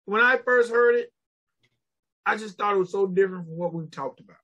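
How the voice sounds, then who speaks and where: A woman with a bright, sharp voice running a casual podcast segment. She teases her co-host playfully while walking through the details. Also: mid-range voice, a little fast, lo-fi sound. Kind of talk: casual music review chat.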